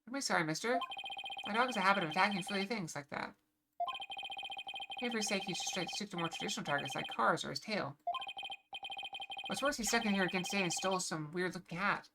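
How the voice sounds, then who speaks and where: A woman's voice: medium pitch, fast talker, pauses often, heavy background noise, close to an everyday voice. A woman voicing an apologetic young girl in a game, reading her lines earnestly.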